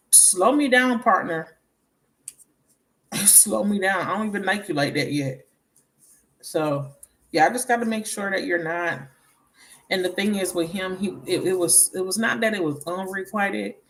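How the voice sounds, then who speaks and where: A woman's voice: fairly low pitch, a bit bright. Blunt, profane woman tarot reader. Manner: blunt, profane, chatty storytelling with laughs. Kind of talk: casual tarot reading monologue.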